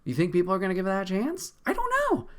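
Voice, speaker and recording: Animated, exasperated podcast host, man. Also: high voice, fast talker. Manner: laughs often. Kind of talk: casual podcast rant.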